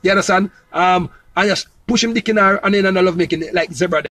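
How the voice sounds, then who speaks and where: A man's voice: sits high, fast, sharp tone, dry recording, low-quality recording. A man with a Jamaican accent in a loose, rambling casual monologue, repeating himself and often asking if you understand. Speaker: entertainer promoting his new song.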